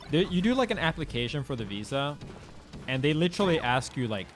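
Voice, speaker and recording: A man's voice: on the high side, sing-song, a little fast. A young man from Sweden, streaming and chatting with his viewers in a loose, slangy way and swearing freely. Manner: laid-back and slangy, swears freely, loose rambling delivery. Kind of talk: casual chat with viewers.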